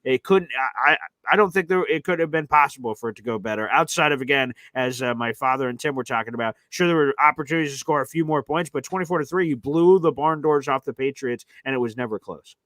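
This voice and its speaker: A young man hosting a live sports call-in show, chatty and quick in his back-and-forth with callers. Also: mid-range voice, fairly bright tone, no room sound. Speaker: podcast host.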